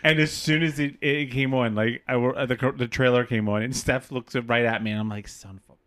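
A man's voice: mid-range voice, steady tone, a little fast, a bit bright, clear, resonant tone. A man co-hosting a podcast, sounding sheepish and mocking himself in casual banter. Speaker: podcast co-host.

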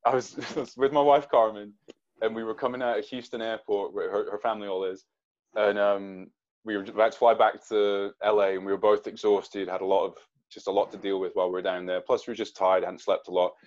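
A man, a guest actor, telling an animated story in a casual interview, with hesitant restarts. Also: on the low side, brisk, lo-fi sound.

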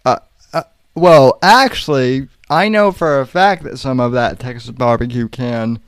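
Slow-talking man with a smooth voice. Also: mid-range voice, dry recording. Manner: slow and deliberate, with frequent pauses and fillers. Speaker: podcast host. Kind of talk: casual call-in chat.

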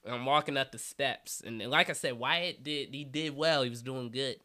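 A man's voice: mid-range voice, normal speed, sharp tone. A young man telling a comedy story in a casual podcast chat. He laughs often, swears, and acts out other people's voices. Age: young adult.

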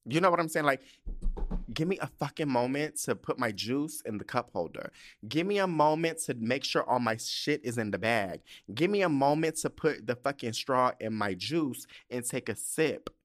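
A man rants on his solo podcast in a loose, profane, storytelling way. He piles on exasperated asides and keeps his voice at an ordinary middle pitch. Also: expressive, moderate pace, a bit bright. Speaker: podcast host. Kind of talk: casual solo podcast rant.

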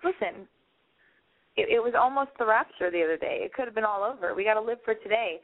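A woman hosts a call-in dating advice podcast, blunt, playful and casually profane as she rambles. Her voice sits at an ordinary middle pitch. The sound is narrow and tinny, like a phone line. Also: expressive, fast.

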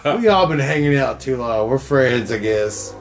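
A man's voice: mid-range voice, expressive, normal speed, music in the background. A young man co-hosting a casual podcast, telling rambling, profane stories and laughing along. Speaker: podcast co-host. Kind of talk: casual chat.

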